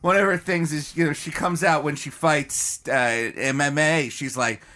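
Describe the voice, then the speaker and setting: A man's voice: on the high side, normal speed, sharp tone. A man as a podcast guest, riffing through casual comedic chat and giggling along.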